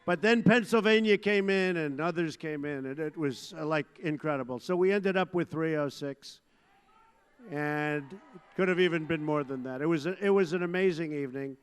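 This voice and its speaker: Older male candidate, high-pitched, punchy and boastful rally oratory, heard in a big reverberant hall. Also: moderate pace, smooth. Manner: emphatic, repetitive, boastful crowd oratory. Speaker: political candidate addressing a rally. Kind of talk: rally speech. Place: large rally venue.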